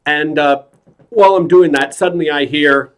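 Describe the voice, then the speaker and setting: A man from New York telling a stand-up story in a hesitant, deadpan way over a video call. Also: on the high side, moderate pace, smooth. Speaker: stand-up comedian. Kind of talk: stand-up comedy set.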